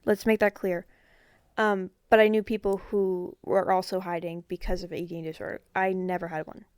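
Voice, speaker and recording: A woman's voice: lowish voice, level tone, normal speed, darkish tone, smooth, dry recording. Self-mocking young woman, casual and dry. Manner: self-mocking, trailing off with frequent "like". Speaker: podcast guest. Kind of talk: casual chat.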